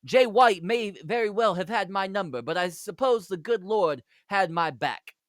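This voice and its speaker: A man's voice: sits high, lively intonation, normal speed, a bit bright, no echo, clean studio sound, voice pushed up. A man voicing a cocky British male wrestler, with a put-on British accent and a pompous, declaiming manner. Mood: boastful.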